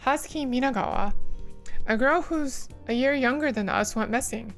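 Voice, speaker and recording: A woman's voice: sits high, normal speed, faint music behind. A woman voicing a sly, teasing student classmate who holds a secret.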